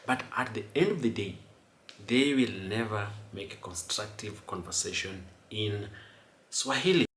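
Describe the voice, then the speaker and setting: A man's voice: lowish voice, animated, moderate pace, a bit bright, echoey room, a little hiss or hum. A man giving casual commentary, rambling and repeating words, often checking if the listener understands. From Kenya. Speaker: host.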